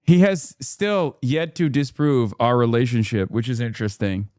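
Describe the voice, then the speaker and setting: A man's voice: medium pitch, normal speed, darkish tone, dry recording. Sarcastic male streamer, dry sound. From United States. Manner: sarcastic, joking. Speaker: streamer and political commentator. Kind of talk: casual livestream commentary.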